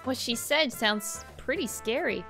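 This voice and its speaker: A woman's voice: on the high side, animated, unhurried, pushed and bright, soft background music. A young woman streamer reading a game's text aloud in first person, trying an accent and laughing at herself.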